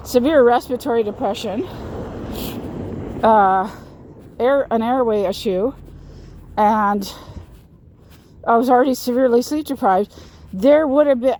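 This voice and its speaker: A woman vlogger recounting a personal experience in an emphatic, repetitive way, often restarting her sentences. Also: a little high. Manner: emphatic, repeats herself, frequent restarts. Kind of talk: casual storytelling to camera.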